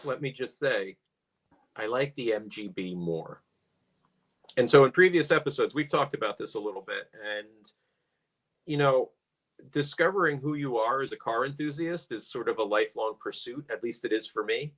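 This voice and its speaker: A man's voice: medium pitch, animated, moderate pace, fairly bright tone. A middle-aged man co-hosting a casual car chat, musing with dry humor. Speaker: podcast co-host.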